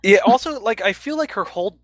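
A man's voice: sits high, animated, quick pace, fairly bright tone, no echo. A man co-hosting a casual game podcast, emphatic and swearing casually. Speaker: podcast co-host.

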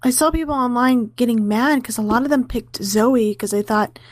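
A woman's voice: fairly high pitch, moderate pace, no echo, clean studio sound. A woman on a game podcast panel, blunt and casually swearing.

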